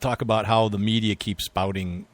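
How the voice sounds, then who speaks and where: A man's voice: fairly low pitch, steady tone, moderate pace, dry recording. Male co-host, casual and rambly, dry close recording. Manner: rambling, chuckling, filler-heavy. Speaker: podcast co-host. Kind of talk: casual political chat.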